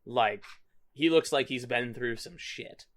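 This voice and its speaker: A man's voice: mid-range voice, unhurried, a bit bright. A man narrating a tabletop game as game master, rambling with many fillers.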